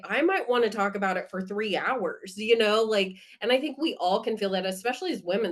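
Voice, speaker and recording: A woman talking as a guest on a podcast, her voice sitting at an ordinary middle pitch. She speaks in an earnest, heartfelt way and works through her thoughts out loud in a relaxed, conversational flow. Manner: earnest and heartfelt, thinking aloud.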